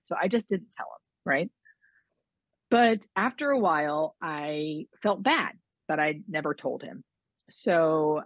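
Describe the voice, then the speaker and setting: A woman's voice: deep voice, creaky, slightly rough, no echo. A woman who is a hospice nurse, telling stories in a chatty interview, full of likes and you-knows and acting out quotes. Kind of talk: casual interview storytelling.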